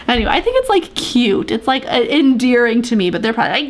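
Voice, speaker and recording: A woman's voice: on the high side, very animated, unhurried. A woman hosting a let's play of a farming game, playful and chatty, full of gasps and asides. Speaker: gaming video host.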